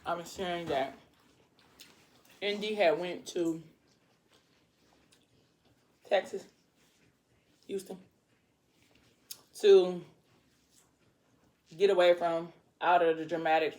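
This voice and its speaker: Mukbang vlogger, woman, slightly low voice, chatty storyteller who apologizes in passing. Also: steady tone, darkish tone. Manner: casual and rambling, with quick apologetic asides.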